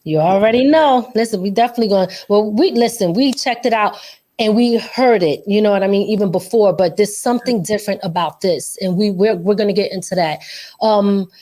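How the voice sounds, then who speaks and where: A woman's voice: mid-range voice, a little fast, warm tone. A woman hosting a live online interview show, chatty and upbeat, speaking African American English with loose slang. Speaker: show host.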